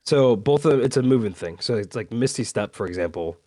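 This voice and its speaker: A man playing a tabletop game, asking hesitant, halting questions about the rules. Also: mid-range voice, expressive, dark tone, no echo, clean studio sound. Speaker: player. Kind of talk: casual tabletop play.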